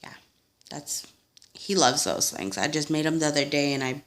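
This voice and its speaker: Chatty low-voiced young woman. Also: expressive, moderate pace. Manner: chatty, lots of fillers and laughs, acts out quotes. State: sick. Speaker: vlogger. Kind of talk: casual chat answering a tag video. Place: at home.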